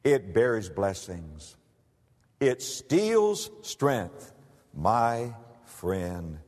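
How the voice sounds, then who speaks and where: A man preaching a sermon, swinging from soft, low asides to loud, high-pitched emphasis. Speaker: pastor. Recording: long hall reverb.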